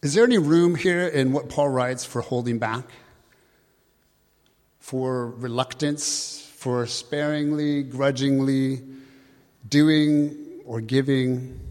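A man preaching a sermon in an earnest, conversational way, slowing down to read scripture aloud. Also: mid-range voice, a little mellow. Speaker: pastor. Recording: long hall reverb.

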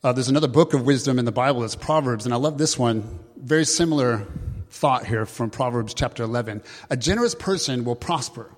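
Preaching man in an echoing sanctuary. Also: medium pitch. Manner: earnest, conversational, slows for scripture. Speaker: pastor. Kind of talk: sermon. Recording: long hall reverb.

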